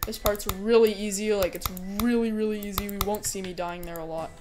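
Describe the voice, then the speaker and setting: A young woman's medium-pitched voice stays fairly even and brisk as she chats casually through a streamed game run, music playing behind her. She's chatty, bursting now and then into squeals of protest and laughter.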